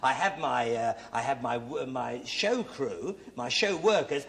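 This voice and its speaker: Quick-witted English game show host. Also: male voice, medium pitch, animated, vocal fry, heavy background noise. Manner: quick-witted, teasing, jokey asides. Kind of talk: bantering live TV game show hosting. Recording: 1970s TV studio with loud audience.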